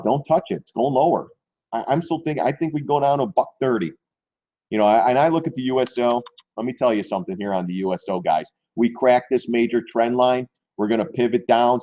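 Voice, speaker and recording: Man, live chart breakdown, blunt and excitable, crude slang, dark mellow tone, dull lo-fi audio. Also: mid-range voice. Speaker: stock trading streamer.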